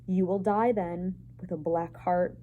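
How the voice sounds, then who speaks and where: A woman voicing a stern, pompous male elder mouse judge in a storybook reading, with a booming, pronouncing manner. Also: steady tone, measured pace, phone-quality sound, a little hiss or hum, lightly acted.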